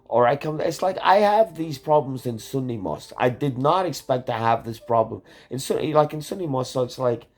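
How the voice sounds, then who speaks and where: A man's voice: medium pitch, a little mellow. A man hosting his own channel, ranting in an agitated, rambling way, swearing often and restarting his sentences. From Canada. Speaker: YouTube channel host. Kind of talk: angry rambling vlog rant.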